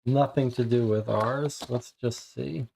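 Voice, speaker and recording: A man's voice: medium pitch, steady tone, a little slow, creaky, mellow, a little hiss or hum. A man playing a co-op mystery board game, reading the case entries and thinking aloud, puzzled about the clues. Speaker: game player and host.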